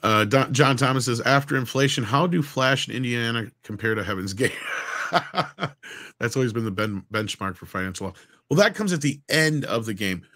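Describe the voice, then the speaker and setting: A man hosts a casual live stream and talks through box office numbers with emphatic, argumentative energy. His voice sits at a middle pitch. The sound is dry and close, with little room around it. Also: expressive, normal speed, pushed and bright, no echo. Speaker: podcast host reading superchats.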